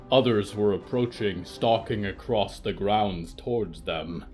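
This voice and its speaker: A man narrating a dark fiction podcast in a measured, even storytelling voice. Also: lowish voice, soft background music. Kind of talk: scripted narration of horror fiction.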